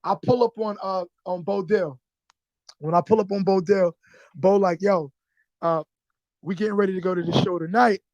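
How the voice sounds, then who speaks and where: A man's voice: high-pitched, fairly even intonation, moderate pace, long pauses, a little mellow, dry recording, muffled recording. A man, a rapper guest who tells a story with energy, swears freely and acts out the other voices. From New York. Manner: streetwise, profane, acts out voices in his stories. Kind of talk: animated storytelling.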